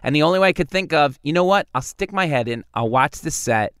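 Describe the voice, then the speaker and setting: A man's voice: fairly high pitch, fast talker, smooth, dry recording, clean studio sound. A man, a comedy writer, telling stories as a guest in a casual interview and acting out what people said. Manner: animated, acts out quoted dialogue.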